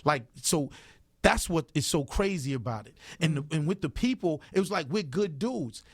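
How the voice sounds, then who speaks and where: A man's voice: on the high side, animated, moderate pace, dry recording. A man talking as an interview guest in a radio studio, emphatic and full of stories, repeating phrases for emphasis. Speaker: interview guest, record executive. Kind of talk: animated radio interview talk. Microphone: studio microphone.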